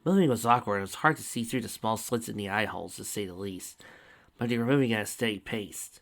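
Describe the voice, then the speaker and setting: Bright-voiced man reading a story. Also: lowish voice, fast. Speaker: story reader. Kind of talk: reading fan fiction aloud.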